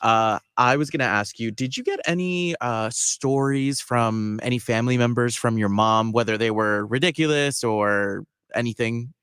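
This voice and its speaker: A co-host chats casually and adds playful, teasing remarks. The voice is smooth and sits at a middle pitch. The sound is dry and close. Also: moderate pace, hardly any pauses, a bit bright, no echo. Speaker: podcast co-host. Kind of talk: casual chat.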